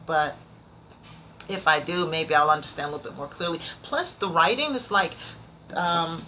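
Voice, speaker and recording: A woman reviewing books in a casual vlog, nervous and rambling, stumbling over her words but excited and passionate. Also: low-pitched, normal speed, slight background noise, rough recording. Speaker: book vlogger. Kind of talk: casual book review chat.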